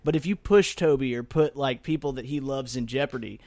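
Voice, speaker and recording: A man's voice: mid-range voice, fairly quick, dry recording. A man recapping a movie in casual chat, acting out characters' lines as he tells the story. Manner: animated retelling, acts out lines with a raised voice. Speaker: podcast co-host.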